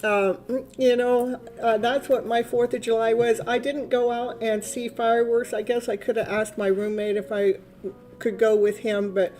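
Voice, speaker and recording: A woman's voice: on the high side, little pitch movement, moderate pace, darkish tone. A woman, a tarot reader hosting a live stream in casual, rambling chat, laughing often.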